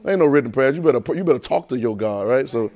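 Animated preacher man. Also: medium pitch, quick pace. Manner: animated storyteller, rising to excited near-shouting. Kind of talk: storytelling sermon.

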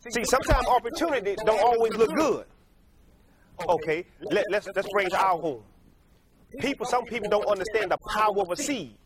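A man's voice: sits high, lively intonation, brisk, crowd noise. A male preacher delivering a sermon in a folksy, repetitive way, often stopping to correct himself and laughing at his own stories. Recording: congregation heard behind.

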